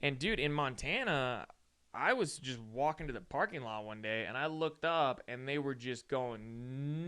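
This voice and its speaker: A man's voice: medium pitch, bright, forceful tone, clean tone. A young man from Austin, Texas, hosting a casual solo chat, rambling and swearing, saying "dude" often, sore and yawning. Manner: rambling and profane, peppered with "dude". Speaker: podcast host.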